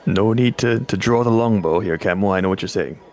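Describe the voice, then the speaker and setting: A man playing a calm, level-headed man in a tabletop game, speaking in a measured, reasoning way. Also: fairly low pitch, close to an everyday voice.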